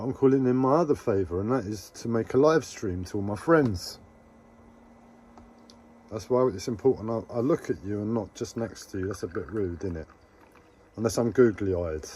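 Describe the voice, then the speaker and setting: A man live streaming a rambling, casual monologue to his viewers, halting often and talking to himself. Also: mid-range voice, warm tone, slight background noise. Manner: meandering, halting, talks to himself.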